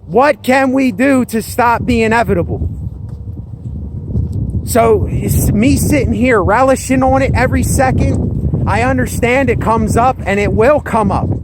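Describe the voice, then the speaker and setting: A man's voice: extremely high pitch, background noise. A man talking earnestly and emphatically in a personal vlog, circling back to his points. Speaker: vlogger.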